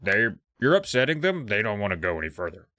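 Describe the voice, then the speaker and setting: A man's voice: on the low side, big pitch swings, quick pace, sharp tone, no room sound, clean studio sound. A man putting on a stubborn adult male wilderness guide who refuses curtly and curses. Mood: gruff refusal. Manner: curt, cursing refusals.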